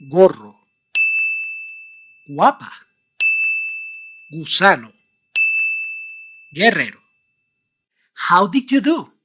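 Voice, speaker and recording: Slow, lively male Spanish teacher. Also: high voice. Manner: clear, deliberate teacher's delivery with quiz questions. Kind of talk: online pronunciation lesson.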